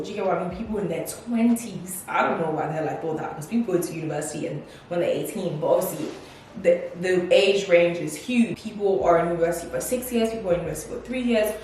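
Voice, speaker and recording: Quick-paced and darkish in tone, a woman in her twenties with a lowish voice shares a casual life-update vlog. She reflects with plenty of fillers and acts out quotes, recorded on a distant mic in a very echoey room with faint noise.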